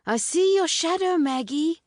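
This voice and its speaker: A woman's voice: low voice, lively intonation, normal speed, no room sound, studio quality. A woman voicing a tired man who sighs and calls out pleadingly to a hidden friend in an audiobook. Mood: calling. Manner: sighing, pleading shouts. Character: weary man calling out for a friend.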